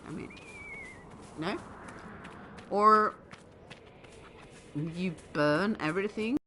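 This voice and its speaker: A woman casually commentating her game stream, chatty and excitable, sounding tired. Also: fairly low pitch, background noise. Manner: chatty, excitable, swears and laughs. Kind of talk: casual let's-play commentary.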